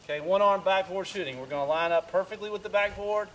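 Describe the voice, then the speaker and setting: A man who directs parks and recreation, coaching basketball drills outdoors with quick, encouraging cues. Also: high voice, background noise.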